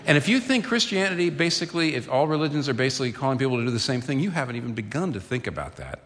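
A man's voice: medium pitch, very animated, rapid-fire, a bit bright, slight background noise. A man preaching a sermon as pastor, earnest and building to emphatic peaks. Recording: long reverb of a church hall.

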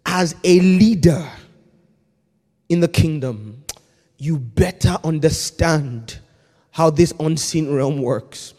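A man preaching a sermon, swinging between hushed intensity and shouting. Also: fairly high pitch, expressive, slow, in a large hall.

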